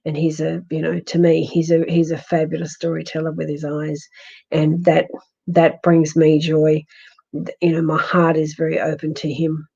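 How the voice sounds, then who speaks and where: A woman with an Australian accent, a husky voice and a fading, hoarse throat, gently consoling a viewer in a live-stream psychic reading with many restarts. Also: low voice, completely flat delivery, normal speed, highs cut off. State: hoarse, losing her voice. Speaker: psychic medium.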